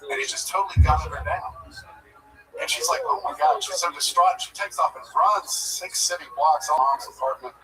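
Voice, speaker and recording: A man's voice: a little high, normal speed, crowd noise. A man in his fifties from Georgia, telling a rambling joke story and chatting as a comedian guest, with many fillers. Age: 50s. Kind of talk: casual stand-up and chat. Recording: distant mic with loud music.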